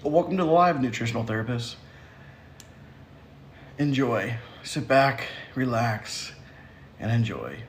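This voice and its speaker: A man's voice: medium pitch, animated, a little slow, pauses often, slight background noise. A man hosting a casual livestream who answers viewer comments in a sassy, teasing way and laughs often. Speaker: livestream host.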